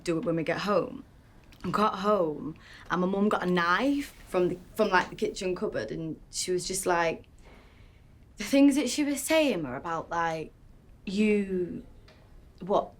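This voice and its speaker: An actress playing a candid young British woman who was raised in a strict family, speaking haltingly with many fillers in a verbatim theatre monologue. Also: on the low side, lightly acted. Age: young adult. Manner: candid, hesitant, full of fillers. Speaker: interviewee recalling her past.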